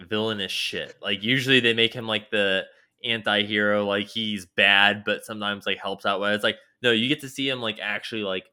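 A man talking in a relaxed, casual way on a podcast, with lots of "like" fillers. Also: fairly low pitch. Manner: laid-back, full of "like" fillers. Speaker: podcast co-host. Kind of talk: casual chat.

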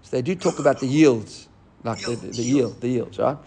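A man teaching a Talmud class, animated and often restarting as he explains. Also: medium pitch, a little fast, gravelly, slightly rough. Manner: animated, restarts often, mixes Hebrew and Aramaic terms.

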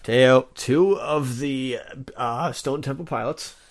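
Male co-host, mid-pitched everyday voice, loose rambling delivery full of "you know". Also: takes it slowly. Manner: rambling, many fillers and restarts. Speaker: podcast co-host. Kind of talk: casual chat.

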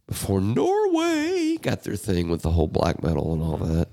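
A man's voice: sits low, huge pitch swings, normal speed, creaky, warm tone. A man co-hosting a podcast, chatting casually about a metal album in profane, laid-back banter. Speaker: podcast co-host. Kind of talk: casual album-review chat. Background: heavy metal album playing.

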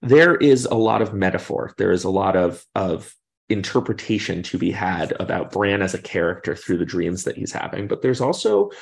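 A man's voice: low voice, sing-song, moderate pace, vocal fry. A man hosting a podcast, thoughtfully discussing a book and retelling its chapters at length in his own words. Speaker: podcast host.

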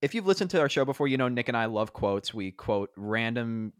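A man's voice: mid-range voice, big pitch swings, brisk, no room sound, clean studio sound. A young man co-hosting a podcast, chatting in an easygoing, rambling way. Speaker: podcast co-host. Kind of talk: casual chat.

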